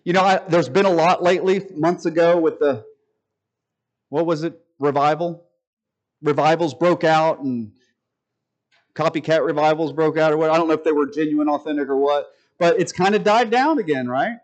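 Folksy preacher, fairly high voice. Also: male voice, moderate pace, poor audio. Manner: folksy, joking asides to the congregation. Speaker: pastor. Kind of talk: sermon. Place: church sanctuary.

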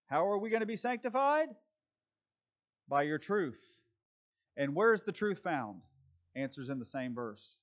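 A man preaches to his congregation in a slightly higher-than-usual voice. He keeps posing questions and answering them himself, and slips in dry, joking asides between his points. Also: very animated, slow, long pauses, muffled recording. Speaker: pastor. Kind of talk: sermon.

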